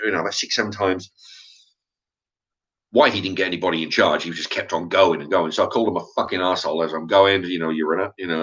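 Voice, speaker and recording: A man, host of his own channel, telling a story in a casual, blunt monologue full of swearing. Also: low voice. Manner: animated, blunt, swears freely. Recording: dull lo-fi recording.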